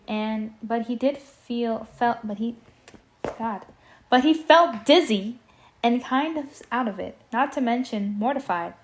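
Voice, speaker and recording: Casual woman reading a storybook aloud. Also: a little high. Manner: stumbles over words and adds joking asides. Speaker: audiobook reader. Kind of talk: casual amateur audiobook reading with commentary.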